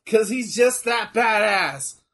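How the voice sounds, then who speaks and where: A man in casual chat about old wrestling, blunt and swearing freely, with animated bursts. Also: a little high, normal speed.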